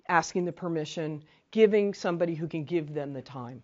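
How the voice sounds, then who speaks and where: A woman with a lower voice runs a training workshop in a chatty, conversational way. She keeps checking in with "right?" and acts out short sample lines. The recording is dull and lo-fi. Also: brisk, a little mellow. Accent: New England. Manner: conversational, often asks "right?". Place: training room.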